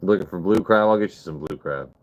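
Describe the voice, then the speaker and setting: A man with a very low voice hosts a casual livestream. He rambles loosely from one thing to the next and swears freely as he talks to viewers in chat. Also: fairly quick. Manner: rambling, profane, chatting with viewers. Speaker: livestream host.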